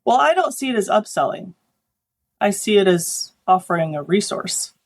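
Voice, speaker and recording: A woman photographer chats as an interview guest, her pitch sitting right in the ordinary middle. She tells stories from her shoots with lively energy and briefly takes on the voices of clients and colleagues. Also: normal speed. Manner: animated storytelling, acting out quoted people. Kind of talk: conversational interview.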